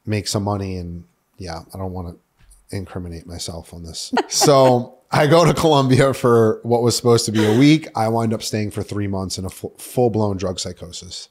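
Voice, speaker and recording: Low-voiced man telling a rambling, profane story. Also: darkish tone. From New York City. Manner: rambling, profane, filler-heavy with "like". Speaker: podcast guest. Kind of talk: candid storytelling.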